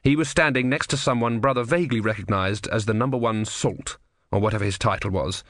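A man's voice: fairly low pitch, a little fast, a bit bright, dry recording. Man narrating with dry close sound. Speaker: audiobook narrator. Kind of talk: scripted narration.

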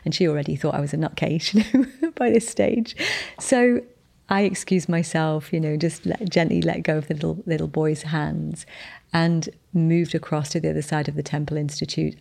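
A woman's voice: low-pitched, vocal fry, a little mellow. A woman hosting a podcast, telling a personal faith testimony in an earnest, heartfelt way with frequent restarts. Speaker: podcast host.

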